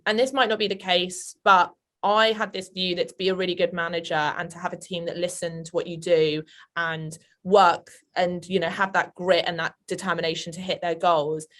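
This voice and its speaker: A woman's voice: on the low side, a bit bright. A woman with a London accent, a sales manager on a webinar panel, chatting with many fillers over a video call.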